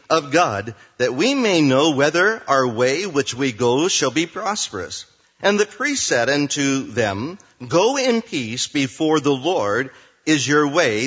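A male pastor preaching a sermon, reading scripture slowly and then explaining it in plain words. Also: medium pitch, fairly bright tone, slightly rough, muffled recording.

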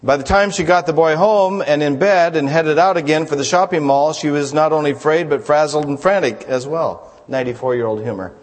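A man's voice: fairly high pitch, a little fast, few pauses. A man preaching a sermon as a pastor, telling jokes to the congregation in a folksy storytelling manner. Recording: long hall reverb.

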